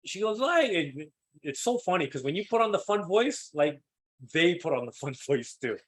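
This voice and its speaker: Man, fairly high voice, sales trainer, energetic, keeps checking in with the group, acts out sample phone calls. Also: moderate pace, husky. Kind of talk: live coaching session.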